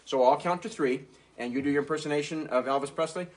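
A man's voice: fairly high pitch, quick pace. A man from Nebraska, a ventriloquist, hosting a live puppet show for children in a playful way. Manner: playful, animated, talking to kids.

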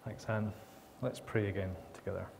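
A man's voice: on the low side, level tone, moderate pace, creaky, noisy background. Man leading prayer in a church. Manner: earnest, flowing prayer in repeated phrases. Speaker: minister leading worship. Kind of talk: spoken prayer. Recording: reverberant church with faint ambience.

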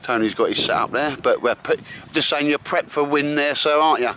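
A man's voice: a little high, fairly quick, bright, forceful tone. A man filming his camping weekend, chatting in matey banter and saying "mate" all the time. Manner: matey banter, says "mate" and "bosh" constantly. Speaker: vlogger. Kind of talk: casual chat while filming a camping trip. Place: outdoors at a windy campsite. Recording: faint wind and outdoor noise.

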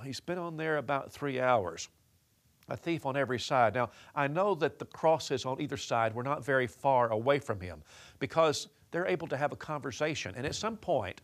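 A man preaching a sermon as a story, talking with many restarts and changing his voice for quoted lines. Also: mid-range voice.

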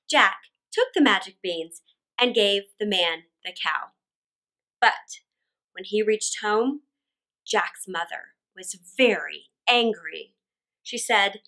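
Animated woman reading a kids' story. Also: medium pitch, takes it slowly. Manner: animated, expressive, with dramatic gasps. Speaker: children's storyteller. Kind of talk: read-aloud storytelling for children.

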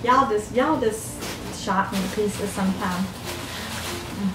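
An older woman, chatting to camera as a vlogger opening fan mail, gasping and gushing with excitement. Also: a little high, slow, over music. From Southern United States. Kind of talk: casual chat to camera. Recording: echoey room, mic a bit far off.

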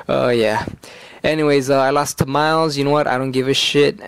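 A man's voice: mid-range voice, steady tone, normal speed, clean tone, no echo. A man talking casually over a game video, hyper and rambling, swearing freely. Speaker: gaming YouTuber. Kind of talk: game commentary.

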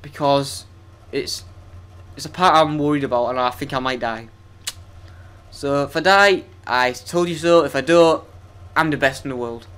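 A man's voice: mid-range voice, normal speed, a bit bright, smooth. A young man giving profane, sarcastic, self-mocking commentary while playing a video game. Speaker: let's play gamer. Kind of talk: gameplay commentary.

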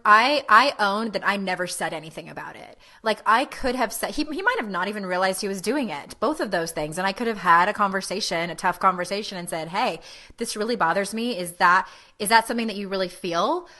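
A woman's voice: mid-range voice, expressive, brisk, few pauses, pushed and bright. A woman in her forties hosting a podcast, chatting candidly and laughing at herself. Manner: candid, laughing, self-deprecating. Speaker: podcast host. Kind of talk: casual podcast chat.

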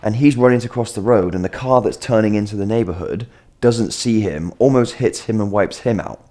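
Brief: low-voiced male vlogger, chatty, meandering, self-mocking humor. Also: fairly quick, mellow. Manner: rambling, self-deprecating anecdote with asides and jokes. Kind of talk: casual storytelling vlog.

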